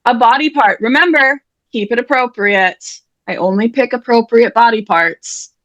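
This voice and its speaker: A woman's voice: on the high side, moderate pace, a bit bright, dry recording. Chatty woman hosting a word game. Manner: chatty, playful, self-deprecating. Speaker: host and emcee of an online writers' event. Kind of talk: casual live-stream game hosting.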